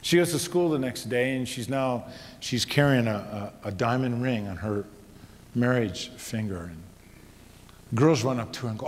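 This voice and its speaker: A middle-aged man telling a personal story to an audience, his delivery swinging from loud exhortation to hushed, quiet tones. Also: medium pitch, normal speed. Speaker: speaker. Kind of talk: storytelling talk. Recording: reverberant hall with faint noise.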